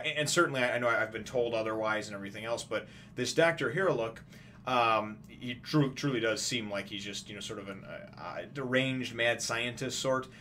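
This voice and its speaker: A man's voice: on the low side, pushed and bright, a little hiss or hum. Rambling man recapping a comic. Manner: rambling, many fillers and restarts, acts out quotes. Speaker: comic reviewer. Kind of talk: casual recap.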